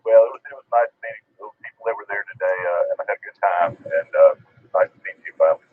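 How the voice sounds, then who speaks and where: Ham radio caller, easygoing man, low husky voice, thin radio audio. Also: quick pace. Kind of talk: casual radio chat. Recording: tinny radio transmission.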